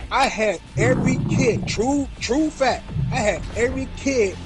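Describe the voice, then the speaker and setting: A higher-voiced man in his forties rambles through fond stories between rounds of a game, looping back on himself as he talks. Loud game music runs behind his casual chat. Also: a little slow, low-quality recording. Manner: rambling, repetitive storytelling. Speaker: gaming streamer. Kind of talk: casual chat while gaming.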